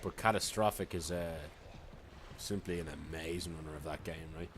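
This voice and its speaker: A tired man with a deep, low voice rambles through casual live-stream chat as he plays. He answers his viewers between moves in a loose, easygoing way. A faint hiss sits under his voice. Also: steady tone, moderate pace. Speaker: speedrunning streamer.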